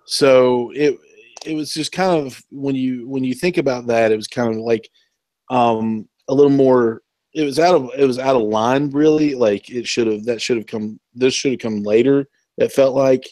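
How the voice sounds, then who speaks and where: Hesitant, laughing podcast co-host. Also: male voice, medium pitch, fairly even intonation, moderate pace, dark tone, no room sound. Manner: hesitant, lots of restarts and laughing asides. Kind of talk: casual podcast discussion.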